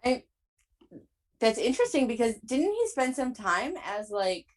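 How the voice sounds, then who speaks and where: A woman speaks slowly in a breathy, fairly high voice that rises and falls freely. She chimes in with dry, blunt remarks during a casual podcast chat. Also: sing-song. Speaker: podcast host.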